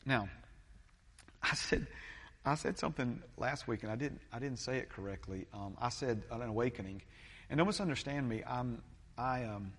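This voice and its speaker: A man, a pastor preaching a sermon, talking haltingly with many fillers and restarts. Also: medium pitch, big-room sound.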